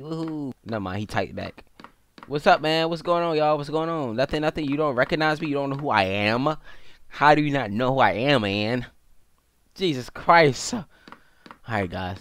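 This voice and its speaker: A man hosts a gaming video with playful, jokey let's-play commentary that jumps into high, excited squeals.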